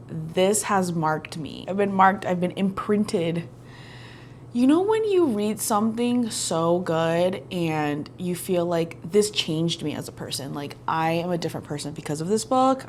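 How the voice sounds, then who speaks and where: A young woman talking casually and playfully to her viewers as a book vlogger, with bursts of enthusiasm. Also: mid-range voice. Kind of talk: casual chat.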